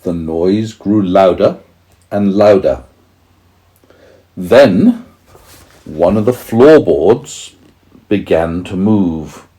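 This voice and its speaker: A man's voice: low-pitched, animated, drawn-out words, long pauses, warm tone. A man reading a children's story aloud to his young child, patiently stopping to explain words.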